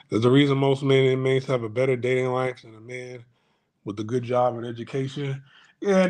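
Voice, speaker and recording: A man hosting a casual monologue to viewers, ranting bluntly with profanity and frequent restarts. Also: mid-range voice. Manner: acts out others' voices in anecdotes. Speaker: commentary channel host.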